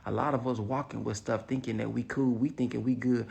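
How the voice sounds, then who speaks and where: A man with a gravelly, husky voice shares reflections in a casual motivational vlog. He swings between emphatic bursts and hushed, near-whispered asides, at a middling pitch. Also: brisk, few pauses. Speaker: online business coach.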